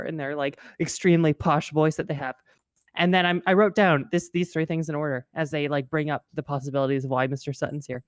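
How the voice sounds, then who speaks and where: A woman's voice: low voice, fairly even intonation, fast talker, clear, resonant tone, no echo, studio quality. A woman co-hosting a podcast, chatting casually, swearing a lot and laughing often. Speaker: podcast co-host. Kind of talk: casual chat.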